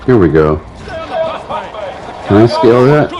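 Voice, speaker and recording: A man's voice: on the low side, sing-song, a little slow, dull audio. A man streaming a horror game, riffing with crude jokes and slipping into a mock Scottish accent. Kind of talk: comedic gameplay commentary.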